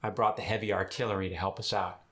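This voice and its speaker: A man hosting an accent tutorial as a dialect coach, explaining sounds in a brisk, instructive way. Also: low voice, level tone, fairly bright tone.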